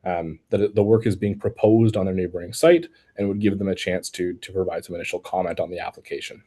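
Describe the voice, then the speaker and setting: A man's voice: low-pitched, fairly even intonation, fast, warm tone, husky. A man from the city staff answering residents' questions at an online public meeting, careful and technical, often restarting his sentences with "um".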